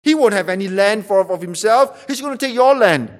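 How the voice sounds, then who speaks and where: Guy with a high voice preaching, pushy repeated questions, sermon style. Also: animated, a little fast. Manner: emphatic, repeats rhetorical questions.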